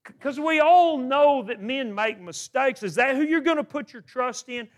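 A middle-aged male preacher delivers a question-filled sermon at a moderate pace, his high, animated voice leaping up and down. He often repeats words as he restarts sentences.

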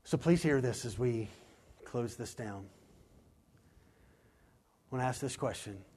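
A man preaching a sermon, dropping to slow, quiet emphasis and climbing to loud, raised scripture reading, with quick acted asides. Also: medium pitch, lively intonation, husky. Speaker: pastor.

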